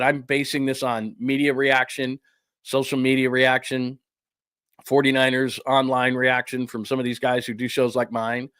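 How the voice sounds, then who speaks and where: A man hosting a solo sports podcast, giving blunt, opinionated, rapid-fire commentary. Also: mid-range voice, fairly bright tone, no room sound, clean studio sound.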